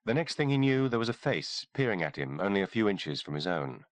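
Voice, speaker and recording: A man narrating a horror audiobook in a dramatic, expressive reading. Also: lowish voice, brisk, dry recording.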